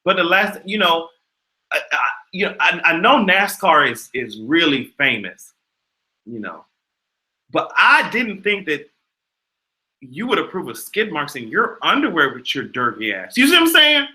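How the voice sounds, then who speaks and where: Bright, sassy young man ranting. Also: a little high, a little slow. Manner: animated, profane, sassy. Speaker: livestream host. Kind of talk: casual livestream rant.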